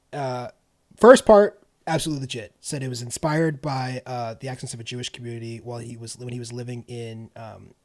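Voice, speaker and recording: A young man co-hosting a casual film and TV podcast, animated and quick to laugh, with frequent restarts. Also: medium pitch. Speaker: podcast co-host. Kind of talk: casual chat.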